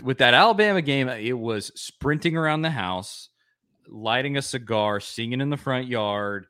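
A man with a lowish voice hosts a casual sports podcast, his pitch swooping up and down as he gets worked up. The sound is dry and close, with no room around him. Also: dry recording. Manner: excitable, shouts and laughs when worked up. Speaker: podcast host.

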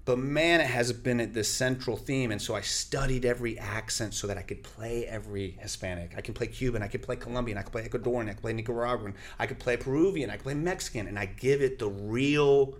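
A man's voice: mid-range voice, fast talker, few pauses. A man whose first language is Spanish, a guest actor and radio host, telling stories in an interview and acting out the people in them. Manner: animated, acts out the people in his stories. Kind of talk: lively interview storytelling.

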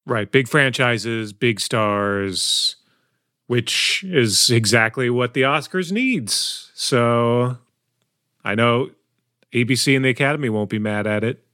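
A man with a bright, forceful voice tosses off dry, wry quips in a casual podcast chat. The sound is close and dry. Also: mid-range voice, slow pace, dry recording. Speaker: podcast co-host.

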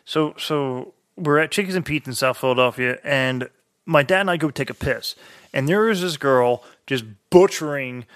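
A man's voice: mid-range voice, normal speed, a bit bright. A man with a slight lisp, who has been drinking, telling a profane, rambling story in casual chat. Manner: profane, rambling, restarts a lot.

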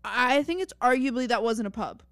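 A young woman co-hosts a show recap podcast, blunt and sarcastic, swearing freely. Her voice is high and smooth. The sound is close and dry. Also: expressive, a little fast, fairly bright tone, no room sound. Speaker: podcast co-host. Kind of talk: casual recap chat.

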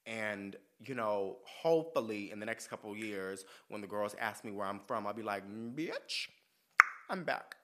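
A man from the United States hosting his own podcast, talking in a sassy, profane and animated way. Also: fairly low pitch, moderate pace, few pauses. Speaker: podcast host. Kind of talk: casual monologue.

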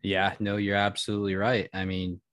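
A man hosting a podcast, talking in a relaxed, filler-heavy way. His voice sits a little low, and the recording is close and dry. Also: brisk, dry recording. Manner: relaxed, many fillers, laughs easily. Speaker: podcast host. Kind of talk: casual interview chat.

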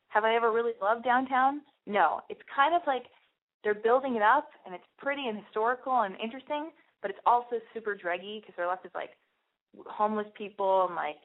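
A young woman hosting a call-in radio show, telling a long rambling story with lots of swearing and restarts. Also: mid-range voice. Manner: animated, profane, rambling with many restarts. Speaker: radio show host taking calls. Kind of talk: casual storytelling monologue. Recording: phone-like narrow band radio sound.

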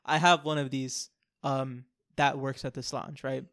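A man co-hosting a podcast, telling a long comic story in an animated, joking way. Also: medium pitch, unhurried, no room sound, studio quality. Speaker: podcast co-host. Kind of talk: casual storytelling chat.

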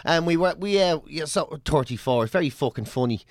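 An Irish man spinning a rowdy, swear-laden yarn in casual conversation. His voice sits high for a man and leaps all over the place as he builds up the story. It sounds close and dry, with no room around it. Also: brisk, no room sound. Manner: animated, profane, swaggering anecdote-telling. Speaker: podcast co-host telling a travel story.

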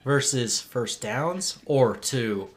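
A man co-hosting a podcast, talking casually with blunt, wry opinions. His voice sits at an ordinary middle pitch. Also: expressive, drawn-out words. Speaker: podcast co-host. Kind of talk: casual chat.

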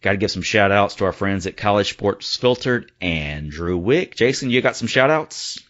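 A man's voice: fairly low pitch, animated, normal speed, fairly bright tone. A man hosting a casual sports podcast, chatty and joking as he reads the show's plugs. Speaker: podcast host. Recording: slightly dull lo-fi sound.

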